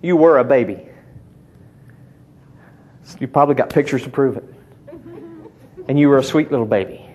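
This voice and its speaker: A man's voice: mid-range voice, moderate pace, long pauses, darkish tone, lo-fi sound, slight background noise. A middle-aged man preaching a sermon, talking conversationally and teasing the congregation with call-and-response. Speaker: pastor.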